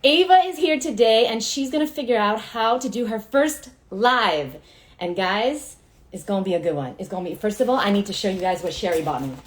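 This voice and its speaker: A woman's voice: medium pitch, expressive, brisk. A woman hosting an Instagram live from Miami, chatting with playful, teasing energy. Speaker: host.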